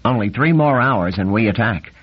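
In an audiobook reading, a man voices an excitable young male navy lieutenant who's brash and nasal, talks fast and swears freely. His own voice is fairly low and husky, the mood is excited, and the recording is dull and lo-fi.

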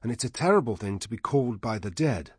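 A man voicing a grieving man haunted by dreams, quiet and weary in a husky hushed voice. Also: medium pitch, lively intonation, quick pace, no room sound, clean studio sound, pitched above the performer's own voice. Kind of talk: audiobook character voice.

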